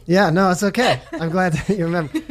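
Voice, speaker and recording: A man hosts a recovery radio show, chatting in a rambling, jokey and enthusiastic interview style. His voice sits high and moves fairly quickly, picked up by a studio mic on camera.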